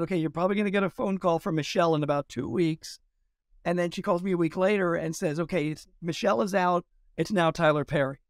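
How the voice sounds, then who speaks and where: A male historian telling lively anecdotes in an interview, acting out quoted dialogue as he goes. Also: fairly high pitch, clean tone, dry recording, clean studio sound. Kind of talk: storytelling in an interview.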